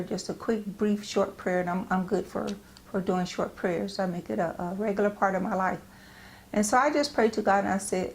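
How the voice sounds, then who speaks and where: Speaking at medium pitch, this Christian speaker is a middle-aged woman from the United States delivering a personal devotional. Her manner is gentle and earnest, with frequent pauses and repeated phrases.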